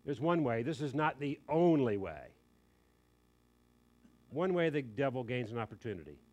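A man preaching a sermon, emphatic and animated, dropping in quick joking asides. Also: mid-range voice.

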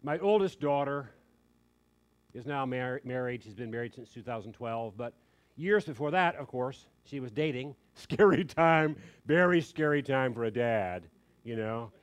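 A man's voice: mid-range voice, a little slow, clear, resonant tone. An older man preaching a sermon, telling a family story in an earnest, conversational way. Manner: earnest, conversational, quoting others in lively asides.

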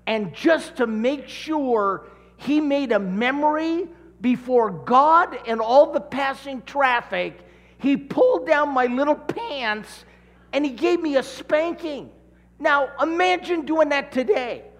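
A middle-aged pastor from California preaches with a high voice that rings through a long hall reverb. He takes his time, then acts out the voices in his story with real animation. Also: expressive, takes it slowly. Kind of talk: sermon with personal story.

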